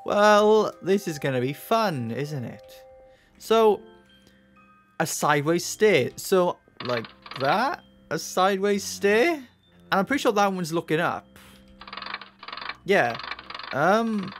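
Animated gamer shrieking through horror play. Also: mid-range voice. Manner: shrieks and swears in panic, then mutters while thinking. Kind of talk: horror game commentary.

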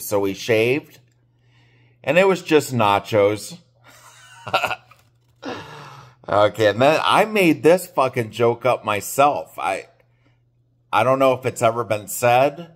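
A man's voice: fairly low pitch, takes it slowly, long pauses. A man from Nebraska casually retelling his favorite jokes, rambling and chuckling at his own punchlines. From Nebraska, USA. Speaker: amateur joke teller. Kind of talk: casual joke retelling to camera.

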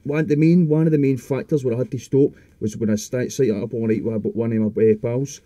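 A man's voice: mid-range voice, fairly even intonation, brisk, mellow, no echo. A young Scottish man telling a long rambling story in casual chat, swearing constantly and restarting his sentences. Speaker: podcast guest.

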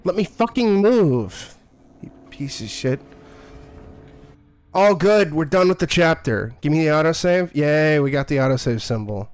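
Male streamer, fairly high voice, swearing and sarcastic over gameplay. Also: animated, unhurried. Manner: profane, sarcastic, irritated. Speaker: game streamer. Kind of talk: live gameplay commentary.

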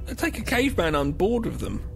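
A man's voice: high voice, huge pitch swings, brisk, gravelly, soft background music. A man co-hosting a podcast, joking playfully and slipping into silly voices mid-sentence. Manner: playful, jumps between voices, jokey asides. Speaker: podcast co-host. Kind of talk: casual chat.

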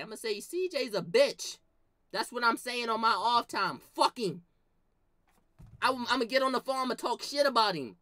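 A young woman tells a comedic story, swinging between low mutters and shouted outbursts while acting out the lines she quotes. There's no echo.

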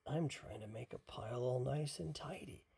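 A parent voicing a good-natured, tidy hippo in a bedtime storybook reading, soft and mild. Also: medium pitch, very animated, unhurried, gravelly, husky, full character voice. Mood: gentle.

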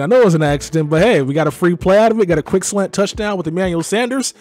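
A young gaming YouTuber from Texas commentating his own football video game match, sliding between low muttering and frustrated outbursts. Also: rapid-fire, hardly any pauses. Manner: swings from muttering to frustrated yelling. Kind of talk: live gameplay commentary.

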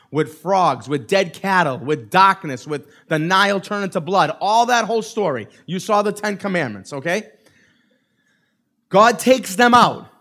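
A male pastor preaching a sermon, acting out the voices of the people in his story and checking in with okay and right. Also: high voice. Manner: animated, acts out quoted voices of the crowd; repeats okay and right to the congregation.

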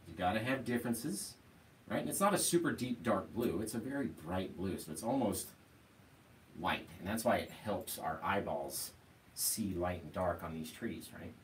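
A man's voice: deep voice, moderate pace. Brief: male painting instructor, chatty and easygoing, room echo, mic set back. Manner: relaxed, chatty, keeps asking "right?". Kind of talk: live painting tutorial. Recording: roomy sound, mic at a distance, faint noise.

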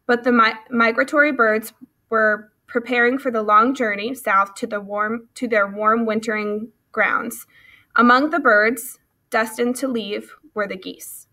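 Female storybook reader, bright and clear, steady pacing. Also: on the high side. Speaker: audiobook reader. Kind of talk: reading a children's novel aloud.

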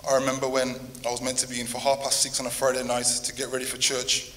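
A man reading a eulogy for the grandfather who raised him, with a steady, even delivery. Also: mid-range voice, quick pace. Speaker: grandson giving a tribute. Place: church. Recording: long hall reverb, faint noise.

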